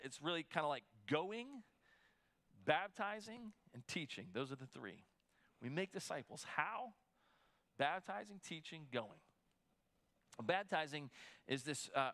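A man's voice: fairly high pitch, a bit bright. A man preaching a sermon as pastor, conversational and given to repeating words as he restarts.

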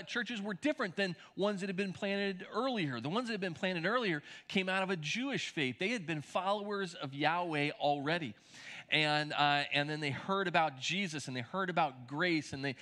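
Middle-aged man, pastor, chatty sermon, bright slightly high voice. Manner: conversational with frequent restarts and asides to the congregation.

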